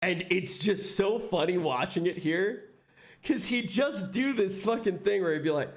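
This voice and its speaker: A man's voice: high voice, unhurried. A man streaming in casual chat, reacting to a video and telling stories with lots of laughter and swearing. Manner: animated storytelling, laughs often, swears.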